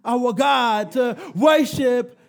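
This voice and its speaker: High-voiced emphatic male preacher. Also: drawn-out words, gravelly. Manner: emphatic, rising to shouts, joking with the congregation. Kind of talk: live sermon with call and response.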